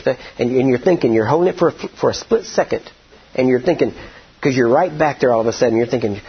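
A man preaching a sermon, telling a story in a folksy, drawn-out way and rising to emphatic declarations. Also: mid-range voice, slightly rough, highs cut off.

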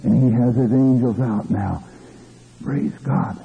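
A man's voice: medium pitch, measured pace, creaky, husky. A man preaching a fervent sermon, stopping often for hallelujahs and restarting his phrases. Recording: tinny lo-fi old recording.

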